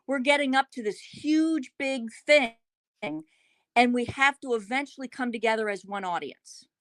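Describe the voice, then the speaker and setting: A woman's voice: on the high side, a little slow, a bit bright. A woman on a panel chat, talking with emphasis and repeating words to drive her points home.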